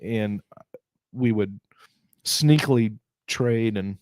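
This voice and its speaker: A man's voice: fairly low pitch, a little mellow, no echo. Easygoing man chiming in casually. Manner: easygoing, quick reactions. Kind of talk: casual chat over drinks.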